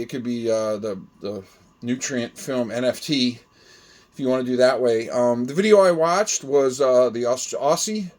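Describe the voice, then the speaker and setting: Man of average pitch, chatty hobbyist host, loose and rambling with lots of ums and uhs. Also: darkish tone. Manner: rambling, filler-heavy, friendly. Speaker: hobby grower demonstrating gutter parts. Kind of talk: casual how-to video talk.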